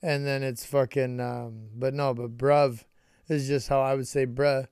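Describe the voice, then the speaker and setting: A man's voice: medium pitch, little pitch movement, normal speed, darkish tone, smooth, no echo, clean studio sound. A man chatting casually on a podcast in a laid-back, rambling way, swearing often. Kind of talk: casual chat.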